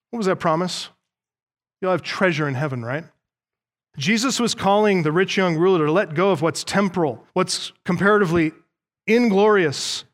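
A male pastor delivers a sermon in a fairly high voice. He speaks emphatically and keeps drawing his listeners in with rhetorical questions.

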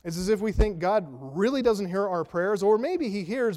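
With a high, animated, slightly mellow voice, a pastor preaches at a moderate pace with hardly any pauses. His expository sermon feels conversational, built on rhetorical questions and jokes about himself, and the sound echoes with a large hall's long reverb.

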